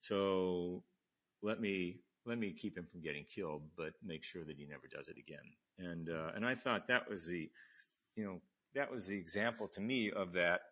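This older man, once an admiral, shares a story at a normal pace in a fairly bright tone. When quoting others, he acts them out with abrupt rises in pitch.

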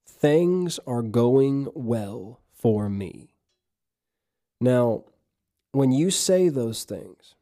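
Dark-voiced man preaching on a podcast. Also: mid-range voice. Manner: exhorting, urges listeners to repeat phrases aloud. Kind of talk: podcast sermon with guided breathing.

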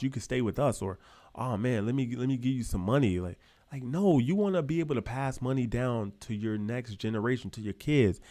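A man's voice: medium pitch, a little mellow. Preachy, fired-up man. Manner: preachy, emphatic, repeats himself, casual slang. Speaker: finance YouTuber. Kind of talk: fired-up motivational vlog talk.

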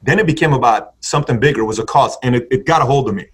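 A podcast guest with a medium-pitched, breathy-edged voice talks very fast, animatedly telling his personal story. He stresses his points and acts out what people said in different tones.

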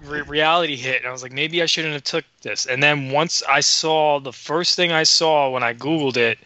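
Animated man telling a story, bright voice. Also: fairly high pitch, normal speed, dry recording. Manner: animated, profane, acts out dialogue. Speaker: podcast co-host. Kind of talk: casual storytelling.

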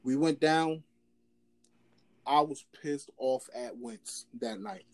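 A man's voice: medium pitch, takes it slowly, darkish tone. A man co-hosting a casual sports chat, emphatic and repetitive, stammering as he starts his sentences. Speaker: podcast co-host.

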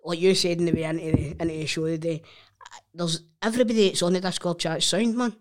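A man's voice: fairly high pitch, fairly even intonation, quick pace. A Scottish man co-hosting a studio podcast, bantering and joking in casual chat with swearing. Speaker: podcast co-host.

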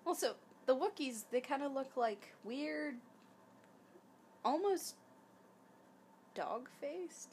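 A woman's voice: high voice, animated, slow, long pauses, a little mellow, slight background noise. Wry woman teasing a movie. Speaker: co-host watching a film. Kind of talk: casual watch-along commentary.

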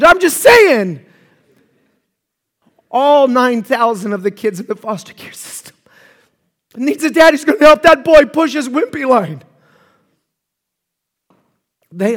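A man preaching a sermon, telling stories with lively swings between loud outbursts and hushed, earnest stretches. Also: very high voice. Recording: long hall reverb.

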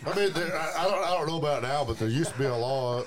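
A man's voice: on the high side, lively intonation, fast, a crowd in the background. A man in casual chat, cracking crude jokes. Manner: crude, joking. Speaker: podcast guest.

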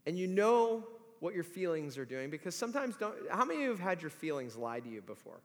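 A man in his forties preaches with a high, lively voice that rises toward shouts when he acts out the people in his stories. The sound carries a long reverb, as if from a large church sanctuary. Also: quick pace. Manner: animated storytelling, acts out quoted voices. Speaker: pastor. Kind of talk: sermon.

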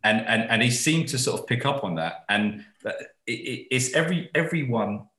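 A man's voice: mid-range voice, animated, normal speed, sharp tone, echoey room. A man in casual podcast chat as a guest, rambling and swearing casually.

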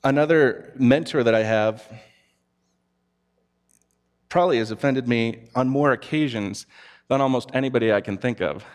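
A man's voice: mid-range voice, normal speed, long pauses. A man giving a conversational sermon, telling personal stories candidly. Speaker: preacher.

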